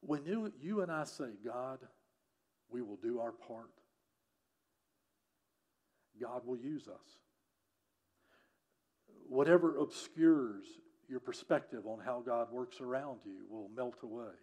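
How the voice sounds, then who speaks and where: Earnest male pastor preaching softly. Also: mid-range voice, lively intonation, slow, pauses often. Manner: earnest storytelling that drops to a hushed, soft voice. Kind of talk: sermon.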